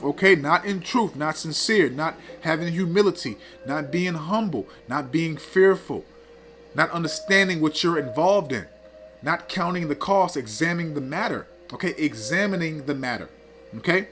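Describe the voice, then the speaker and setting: A man's voice: a little high, animated, moderate pace, fairly bright tone, soft background music. A man teaching scripture in a scolding, preachy way, often tagging lines with "man" and "okay". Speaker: teacher of a religious group.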